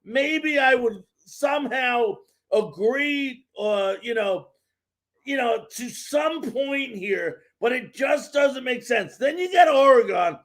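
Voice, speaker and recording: Sports talk host, male, very high voice, fired-up ranting delivery, hammers points by repeating words. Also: lively intonation, slow, a bit bright. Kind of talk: live sports talk show monologue.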